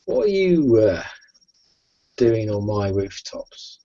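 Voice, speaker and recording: A man playing a proud, blunt male vampire who loves a fight and talks gruffly, trailing off quietly, over a lo-fi video call. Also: fairly low pitch, big pitch swings, takes it slowly, a little hiss or hum, heavily acted.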